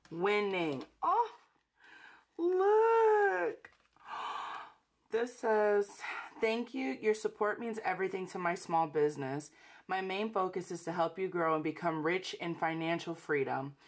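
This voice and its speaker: A young woman hosting a casual unboxing vlog, gushing and emotional, calling her viewers sis and y'all. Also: on the low side. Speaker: budgeting channel host.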